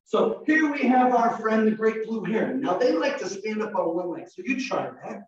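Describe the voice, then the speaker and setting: Playful, animated man, echoey and distant. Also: high-pitched, normal speed. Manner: playful and theatrical, mimicking animal calls. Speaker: early childhood educator presenting. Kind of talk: animated demonstration for teachers. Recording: far from the mic, echoey and dull.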